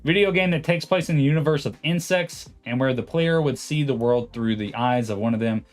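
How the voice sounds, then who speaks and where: Faint music plays as a streamer host in his late twenties talks at a brisk pace in a medium-pitched voice. He keeps things casual on the livestream, rambling and reading viewer comments out loud.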